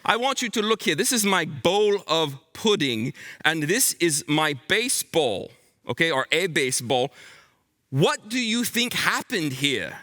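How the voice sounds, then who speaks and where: A man hamming up a bumbling, excitable detective for kids, his voice riding high and swooping wildly. The tone is bright and theatrical. He throws in big dramatic flourishes as he works the room. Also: measured pace, exaggerated voice. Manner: theatrical, playful, dramatic exclamations. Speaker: children's Bible school teacher. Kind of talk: comic character acting for children.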